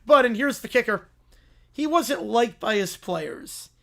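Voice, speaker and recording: A man's voice: extremely high pitch, lively intonation, a little slow, gravelly, a bit bright, heavily acted. A bumbling cartoon lawyer, as a man plays him, making grand courtroom speeches that wander off course. He sounds pompous and shady.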